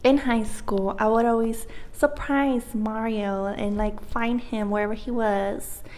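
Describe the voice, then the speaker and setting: A young woman co-hosting a podcast, chatting casually and chiming in with quick reactions. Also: a little high, steady tone, darkish tone. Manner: chimes in with short reactions and jokes. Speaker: podcast co-host. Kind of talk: casual chat. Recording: roomy hall reverb.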